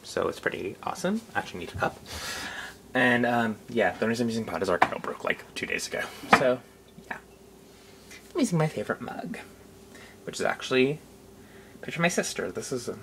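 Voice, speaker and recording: A man's voice: medium pitch, animated, quick pace, vocal fry, bright, forceful tone, slight background noise, rough recording. A young man, rambling loosely in a casual late-night vlog, full of fillers. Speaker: vlogger.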